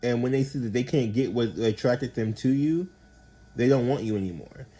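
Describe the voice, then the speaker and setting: A man with a medium-pitched voice gives a casual tarot reading at a moderate pace, captured in a low-quality recording. He rambles in slangy, heavily profane language and animatedly acts out the people he's describing.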